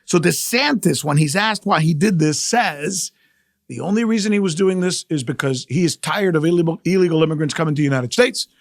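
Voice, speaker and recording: A middle-aged male journalist hosting a podcast, giving emphatic, animated news commentary and repeating key phrases for effect. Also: on the high side, fairly quick, gravelly, no room sound, clean studio sound.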